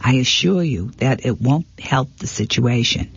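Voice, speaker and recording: A man with a husky voice reading a brisk, prim female insurance agent in a clipped, formal way. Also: mid-range voice, animated, dry recording, exaggerated voice. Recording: dull lo-fi recording.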